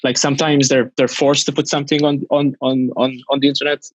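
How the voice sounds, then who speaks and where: Male guest, fast stumbling delivery, dull lo-fi sound. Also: mid-range voice, level tone, a little hiss or hum. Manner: rapid, stumbling restarts. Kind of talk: casual video call interview.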